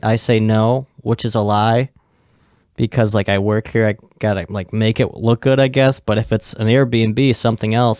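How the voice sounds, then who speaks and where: A man hosting a podcast, telling a rambling, profane story in a casual, deadpan way. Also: fairly low pitch, smooth, no room sound, clean studio sound. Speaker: podcast host.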